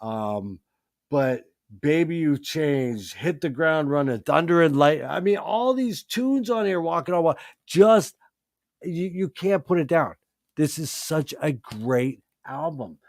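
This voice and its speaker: A man hosting a live stream, talking excitedly about his favourite rock albums, swearing freely and often restarting his sentences. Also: a little high, unhurried, no room sound, studio quality. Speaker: host. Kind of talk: live-stream music chat.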